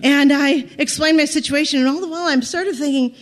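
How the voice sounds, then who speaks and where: A middle-aged woman from the United States telling a personal story in a lively, dramatic way, acting out what she said back then. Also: high-pitched, fast. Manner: lively and dramatic, acts out her own quoted speech. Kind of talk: personal story told to listeners.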